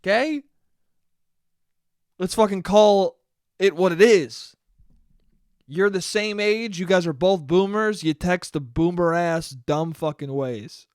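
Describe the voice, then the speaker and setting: A man's voice: slow, long pauses, clear, resonant tone, dry recording, studio quality. A young man hosting a solo podcast, ranting casually with lots of swearing and mocking impressions of relatives. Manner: profane, animated, mimics relatives in shrill voices. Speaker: podcast host.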